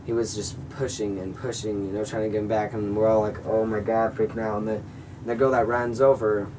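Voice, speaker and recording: A young vlogger sits a bit back from the mic and tells the camera a personal story in a low, fairly flat, brisk voice, rambling earnestly with many fillers and occasionally acting out quotes. A faint air-conditioning hum runs beneath the distant-sounding audio.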